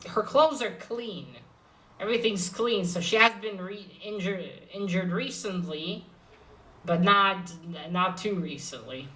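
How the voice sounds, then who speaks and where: A woman's voice: on the low side, fairly bright tone, recorded from a distance, low-quality recording. A woman casually recapping a comic book issue, rambling and hesitant, with many fillers and restarts.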